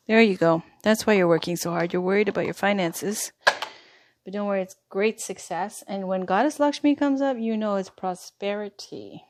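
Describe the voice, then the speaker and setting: A woman giving a chatty tarot reading, going hoarse as she loses her voice. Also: medium pitch, normal speed, a little mellow. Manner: chatty, reassuring, drifts between reading aloud and asides. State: losing her voice. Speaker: tarot reader.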